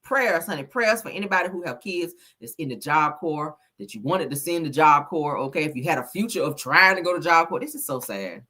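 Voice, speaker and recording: A woman with a husky, lower voice that swings widely in pitch as she comments on the news. She talks casually and bluntly, swears freely, and keeps calling her viewers honey and child. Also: expressive, fairly quick, few pauses, sharp tone. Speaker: commentary streamer host.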